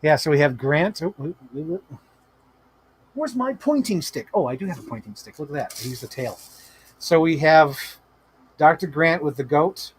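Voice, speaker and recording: A man hosting a toy-collecting live stream at home, telling stories in a casual, animated way with lots of swearing and laughter. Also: a little high, normal speed, husky. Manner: animated, profane, laughing storyteller. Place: home room with toy shelves.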